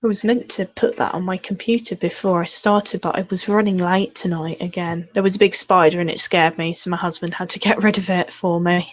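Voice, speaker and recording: A woman's voice: on the low side, fairly even intonation, a little fast, few pauses. Chatty woman on a dull video call. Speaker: channel host. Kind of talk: casual video-call chat.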